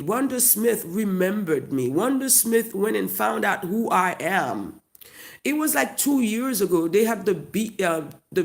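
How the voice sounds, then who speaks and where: Gravelly comedian ranting with a Haitian accent. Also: mid-range voice. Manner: profane, loud, mocking storytelling. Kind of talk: comedic rant to camera.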